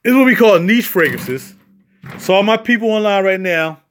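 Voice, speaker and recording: Rambling high-voiced man giving a studio tour. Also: expressive, a little fast. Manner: loose, joking, rambling, addresses viewers as y'all. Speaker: home studio owner showing his gear. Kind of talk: casual vlog tour. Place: home recording studio.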